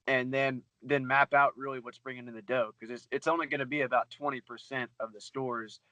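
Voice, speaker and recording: A man's voice: mid-range voice, steady tone, sharp tone, no room sound, rough recording. A man talking casually as an interview guest, loose and chatty, with plenty of fillers and swearing. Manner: fast, loose, swears freely, many fillers. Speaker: guest, book reseller.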